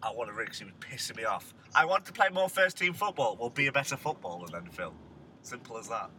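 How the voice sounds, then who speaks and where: Male co-host, animated and sweary, recorded in a car with road noise. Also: medium pitch, fast. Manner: animated, swearing, mock-outraged rants. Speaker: podcast co-host. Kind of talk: casual banter about a football management game. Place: inside a moving car.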